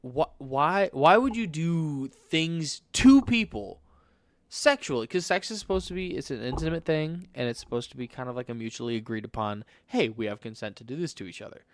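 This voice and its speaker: Blunt, animated man on a podcast. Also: on the high side, normal speed, dry recording. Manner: blunt and swearing, talks through stories with quoted reactions. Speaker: podcast co-host. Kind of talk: casual chat. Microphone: studio microphone.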